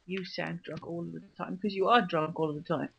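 A woman's voice: on the low side, fairly even intonation, a little fast, creaky, slightly rough, dull audio. A woman co-hosting a casual podcast chat at home, teasing and laughing often. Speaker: podcast co-host.

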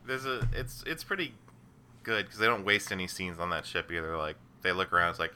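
A man's voice: low voice, brisk, sharp tone, clear, resonant tone. A man hosting a casual movie chat, rambling through a plot recap with many fillers.

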